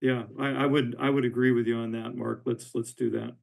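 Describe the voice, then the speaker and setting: A man's voice: medium pitch, level tone, a little fast, vocal fry, a little mellow, low-quality recording. A man on a board, asking questions casually and stumbling over words. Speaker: board member. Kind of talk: meeting discussion.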